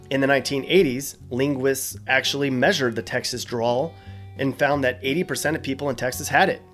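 A man's voice: medium pitch, a bit bright. Wry man narrating an explainer. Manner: casual, joking, wry asides. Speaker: host.

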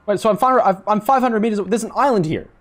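A man's voice: high voice, quick pace, soft background music. A young man giving casual, jokey gameplay commentary, rambling and swearing as he plays. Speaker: gaming YouTuber.

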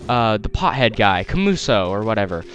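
A man's voice: lowish voice, very animated, normal speed, fairly bright tone. Chatty man with a Wisconsin accent. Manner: chatty, playful, self-correcting, talks to the game characters. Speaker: let's play commentator. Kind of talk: casual gameplay commentary. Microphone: desktop headset mic. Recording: faint game music behind.

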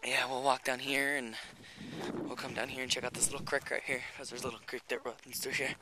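A man filming a handheld walking vlog outdoors by a creek in the rural hills talks casually, rambling, cursing freely, and adding chatty asides. Slightly breathless, he speaks a little fast in a mid-range, flat delivery over background noise.

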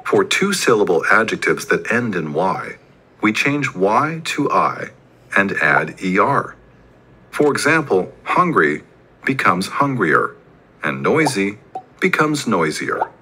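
Deep bright-toned male lesson narrator. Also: takes it slowly, husky. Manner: even, textbook-like delivery without fillers. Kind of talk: scripted grammar explanation.

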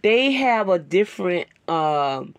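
A woman's voice: fairly low pitch, sing-song, slow, clean tone, dry recording. A woman telling a personal story in a sermon-style talk, conversational and emotional. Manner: conversational, rambling with fillers; emotional, tearing up. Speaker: Bible teacher.

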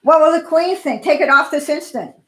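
A woman voicing a bossy, indignant busybody lady who scolds in a shrill, outraged way. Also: a little fast, fairly bright tone.

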